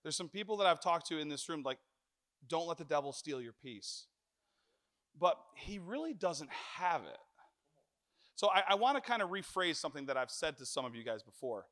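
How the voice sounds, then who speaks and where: Man, middle-aged, preaching a sermon, animated, joking stories, bright edge. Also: fairly high pitch, brisk. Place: church.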